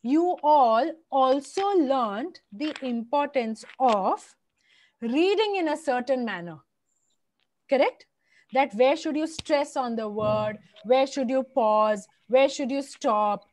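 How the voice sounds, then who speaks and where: Indian English teacher, woman, high voice, firm with the kids, mixes in Hindi. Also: expressive, slow, a little mellow. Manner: firm, directive, switches into Hindi. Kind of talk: online class to children.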